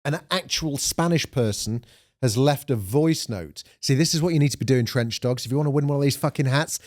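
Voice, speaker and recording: A man's voice: medium pitch, brisk, darkish tone. A man co-hosting a casual chat podcast, reading out listener messages with plenty of swearing. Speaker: podcast co-host.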